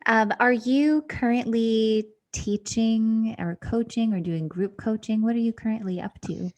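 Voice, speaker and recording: A woman hosting an interview, asking questions and telling a personal story with animated quoted asides. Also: a little high, measured pace, hardly any pauses. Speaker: interview host. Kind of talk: casual interview chat.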